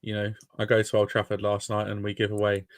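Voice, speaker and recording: Gravelly man hosting a podcast. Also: lowish voice, fast talker, no room sound. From Britain. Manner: relaxed, rambling, mock-formal apologies. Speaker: podcast host. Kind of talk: casual sports podcast chat.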